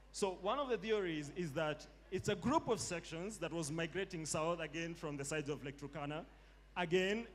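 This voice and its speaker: Speaking indoors at a live talk event, a Kenyan-accented man delivers a casual storytelling lecture. His voice sits high, and his relaxed, slangy delivery is sprinkled with Swahili phrases.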